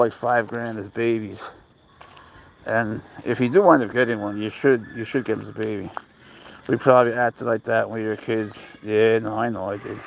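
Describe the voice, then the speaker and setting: A man's voice: medium pitch, creaky, a little hiss or hum. A man livestreaming while walking his cat outdoors in a park, talking casually in a blunt, profane, rambling way and answering chat messages aloud.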